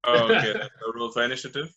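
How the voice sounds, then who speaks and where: A man's voice: mid-range voice, very fast, lo-fi sound, over a noisy crowd. A man playing a tabletop game, eager and checking the rules as he goes. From Jamaica. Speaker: player. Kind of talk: casual tabletop play.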